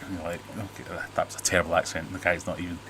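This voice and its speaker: Very fast and level in tone, a deep-voiced middle-aged British man talks on a casual livestream from his home fish room, with noise in the background. He rambles, jokes, reads viewer comments aloud and repeatedly breaks off to start over.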